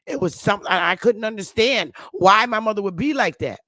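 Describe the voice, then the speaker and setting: A woman's voice: medium pitch, animated, a little fast, pushed and bright, no room sound. Blunt, profane woman vlogger, dry sound. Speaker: online commentator. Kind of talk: casual monologue.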